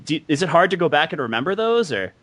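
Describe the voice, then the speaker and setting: A man's voice: a little high, sing-song, quick pace, a bit bright. A man interviewing a voice actor, asking playful questions and laughing along. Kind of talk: casual interview.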